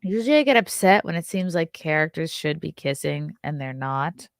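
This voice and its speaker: A woman giving a casual, joking movie review, acting out the characters' lines in quick little voices. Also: deep voice, dry recording, clean studio sound. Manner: animated, jokey, acts out voices of characters.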